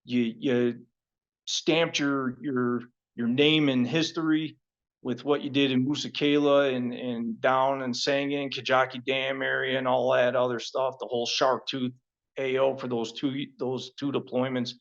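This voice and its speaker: A man's voice: mid-range voice, flat delivery, unhurried, muffled recording. A middle-aged man, a former Marine gunnery sergeant, casually telling war stories to his old unit with plenty of swearing and a heartfelt streak. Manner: profane, joking, heartfelt at the end. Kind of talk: casual storytelling to fellow Marines.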